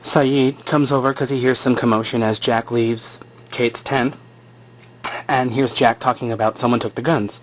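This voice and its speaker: A man chats casually through an episode recap, rambling and cracking jokes. His voice sits at a middling pitch. The recording sounds dull and lo-fi. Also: steady tone, normal speed, a little hiss or hum. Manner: joking, rambling, full of fillers. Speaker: podcast host.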